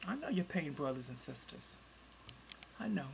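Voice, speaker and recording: A gravelly, creaky-voiced person in their forties rants into a home computer mic, cursing hard. The voice jumps from heated shouting down to low, grumbling asides, and there is faint noise underneath. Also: sing-song, moderate pace. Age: 40s. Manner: profane and heated, swinging between loud outbursts and low muttering. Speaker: vlogger. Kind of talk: angry webcam rant.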